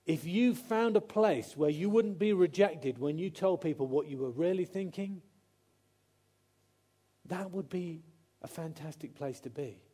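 Mellow-voiced man preaching a sermon. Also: fairly high pitch, lively intonation, measured pace. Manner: conversational, with restarts and acted-out quotes.

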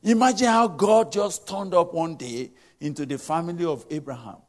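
A man's voice: on the high side, normal speed, darkish tone. A man preaching a sermon, telling scripture stories dramatically and acting out the voices in quotes.

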